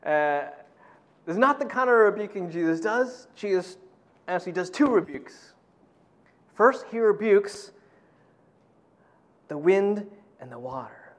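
A middle-aged man preaching a sermon in a conversational way, full of "you know", who acts out quotes in a loud, high voice. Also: expressive, measured pace, pauses often. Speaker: pastor.

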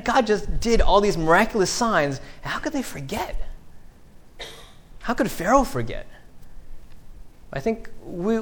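A man in his thirties preaching a conversational sermon, acting out quotes with lively sarcasm. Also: sits high. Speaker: pastor.

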